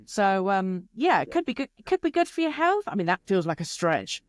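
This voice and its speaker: A woman, a creativity expert answering interview questions in an animated, chatty way, with quick asides and playful quotes. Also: medium pitch, dry recording, clean studio sound.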